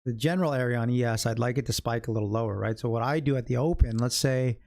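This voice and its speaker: A man's voice: mid-range voice, fast talker, darkish tone. A middle-aged man from California with an American accent, hosting a day-trading livestream in a loose, chatty way and joking around as he talks through his charts. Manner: chatty, jokey storyteller, laughs at own stories. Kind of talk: casual livestream chat.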